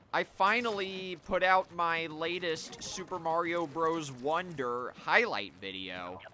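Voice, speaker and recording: A young male streamer talks through his game while chatting with viewers. His voice sits a little high and jumps around a lot in pitch. Clear background noise runs under the talk. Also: bright, forceful tone. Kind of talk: live gameplay commentary.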